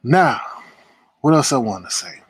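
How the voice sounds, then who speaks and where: Husky man, indignant livestream rant, loud bursts and low mutters, dry close sound. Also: big pitch swings, unhurried, no echo. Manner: confrontational, indignant, swings between loud outbursts and low muttering. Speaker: live-stream commentator. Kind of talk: heated live-stream rant.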